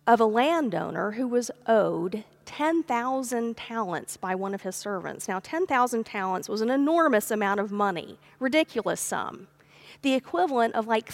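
A woman preaches a sermon, her voice a touch high. She tells the story in a chatty, folksy way and speaks straight to her congregation. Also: gravelly. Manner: storytelling, acts out the characters' pleas with a raised voice; conversational, folksy asides. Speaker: pastor. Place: church sanctuary.

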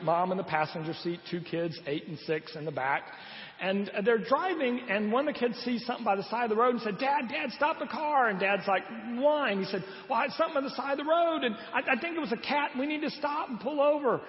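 A man with a high voice preaches to his congregation, spinning stories with lively emphasis and easing down into quiet, soft endings. The sound is dull and muffled, carried through a long hall reverb. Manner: storytelling, animated, trailing off softly at ends of points. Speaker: pastor. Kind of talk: sermon.

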